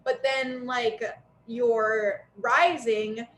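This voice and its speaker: A young woman co-hosting a casual astrology chat, talkative and quick to laugh. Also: fairly high pitch, steady tone, fairly bright tone. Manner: chatty, laughs, acts out quoted voices. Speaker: astrologer co-host. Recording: echoey room with faint ambient noise.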